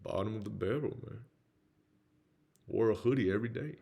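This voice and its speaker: A man's voice: lowish voice, a little fast, vocal fry, warm tone, breathy edge. A young man with a Southern US accent giving a blunt, candid motivational talk about his own life. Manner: blunt, slangy, peppered with "man". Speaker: motivational speaker.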